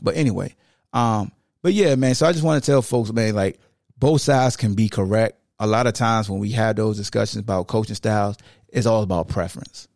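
A young man hosts a sports podcast in a relaxed, slangy, conversational way. His voice sits at an average pitch, and it is recorded close and dry with no room sound. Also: no echo. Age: young adult. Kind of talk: casual podcast talk.

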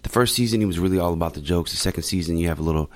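A man's voice: low-pitched, rapid-fire. A young man, a guest actor, chatting casually and joking about himself in a laid-back way. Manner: laid-back, self-deprecating. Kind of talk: casual chat.

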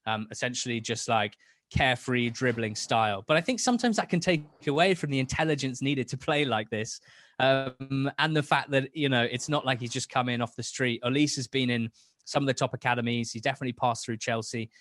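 A man's voice: mid-range voice, fairly quick, a bit bright, no room sound, studio quality. A young man talking as a football podcast guest, chatty and enthusiastic, often restarting his sentences. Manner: enthusiastic, rambling, many restarts. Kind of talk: casual chat.

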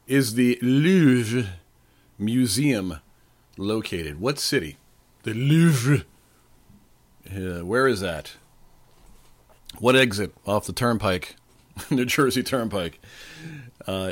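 A man in his forties or older, slightly hoarse, hosting a casual trivia quiz podcast with a playful, joking manner. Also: medium pitch, a bit bright. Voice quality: playful, jokey. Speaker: podcast host. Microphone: desk microphone.

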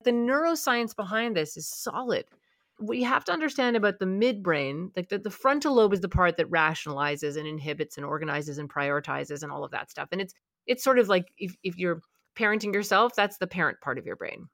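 A woman's voice: on the low side, a little fast, a bit bright, no echo, clean studio sound. A woman hosting a conversation, eagerly explaining how the brain works and acting out the voices inside it.

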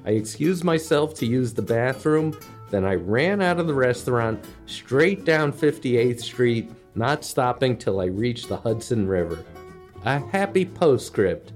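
A man's voice: mid-range voice, lively intonation, a little slow, soft background music. A man telling a comedic story in a wry, self-deprecating way.

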